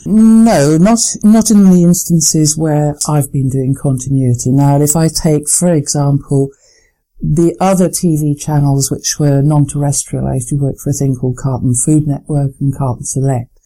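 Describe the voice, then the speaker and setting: A woman's voice: low-pitched, fairly even intonation, dark tone, low-quality recording. Articulate middle-aged woman announcer. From Lancashire, England. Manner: measured, articulate, hesitant restarts. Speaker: former continuity announcer, guest. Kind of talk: interview answers.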